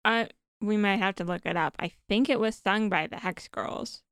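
A woman co-hosting a podcast, easygoing and agreeable in casual review chat. Her voice has a gravelly fry to it, and the recording is dry and close. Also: mid-range voice, normal speed, fairly bright tone, no echo. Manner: easygoing, agreeable, laughs often. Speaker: podcast co-host.

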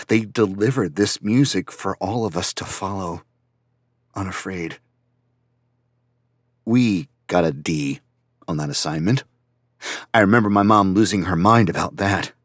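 A man reading scripted first-person narration in a measured, reflective way. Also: low-pitched, husky, no echo, clean studio sound. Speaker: audiobook narrator.

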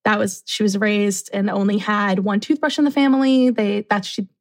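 A woman who works in university residence life, telling a story casually and acting out what people said in lively voices. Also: medium pitch, moderate pace. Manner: animated, acts out quotes.

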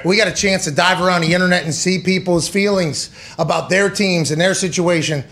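A man hosting a sports talk podcast with a fairly high voice. He rants and builds his points with heavy sarcasm and swearing, and now and then he puts on mocking voices to make fun of the other side. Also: a little fast, fairly bright tone. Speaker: podcast host. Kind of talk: sports talk show rant.

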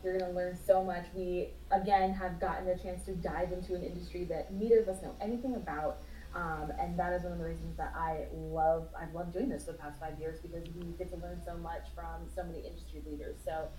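A woman's voice: on the low side, little pitch movement, a little fast, warm tone. A woman co-host giving an upbeat, encouraging intro to a podcast episode. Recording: echoey room, distant mic, faint background noise.

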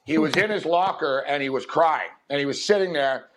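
A male podcast host chats about games in a loose, rambling way, full of fillers. His voice sits a little high. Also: fairly quick. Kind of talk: casual sports betting chat.

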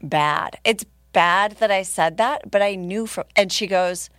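A woman's voice: medium pitch, a little slow, dry recording. Woman in her 30s, comic guest, casual self-mocking storyteller, dry close mic. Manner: lively, laughing, self-mocking. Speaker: comedian guest.

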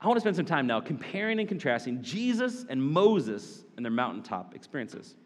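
A man preaching a sermon as a pastor, animated, with casual asides to the congregation. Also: on the high side, a little fast, in a large hall.

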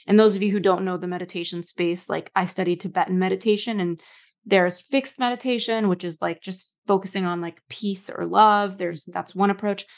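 A woman's voice: mid-range voice, steady tone, moderate pace. Chatty woman podcast host. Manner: chatty, many fillers, thinking aloud. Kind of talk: casual podcast chat.

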